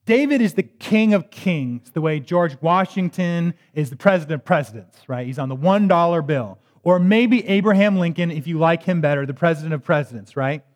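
A man with a high voice preaches a sermon, reading scripture aloud and unpacking it in a conversational, emphatic way with wry asides. His voice rings out with a long hall reverb, as if recorded in a church sanctuary. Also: lively intonation, normal speed, few pauses.

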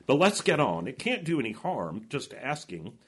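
A man's voice: medium pitch, huge pitch swings, normal speed, husky. A man reading aloud a curious, eager schoolboy from a storybook.

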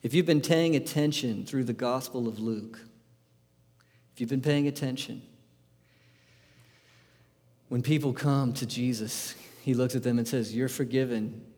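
A man preaching a sermon, firing rhetorical questions at the congregation in an animated, emphatic way. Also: mid-range voice, unhurried, pauses often, in a large hall. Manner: asks the audience many questions, animated and emphatic. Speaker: pastor.

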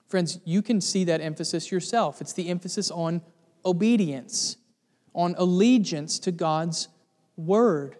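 Male pastor, high voice, earnest sermon delivery that builds to emphatic repetition, long reverb. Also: moderate pace, a little mellow.

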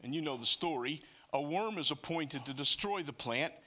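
Lively male preacher with a bright, forceful voice, animated sermon with joking asides. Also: fairly high pitch, normal speed.

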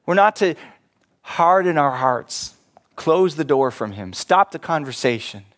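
A man preaching a sermon as pastor, animated, acting out quoted voices and laughing at himself. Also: fairly high pitch, a little slow.

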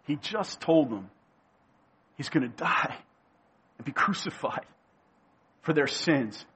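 Male preacher, emphatic sermon delivery, slightly high voice, repeats lines for weight. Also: expressive, pushed and bright, a little hiss or hum. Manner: emphatic, repeats key phrases, slows down for weight.

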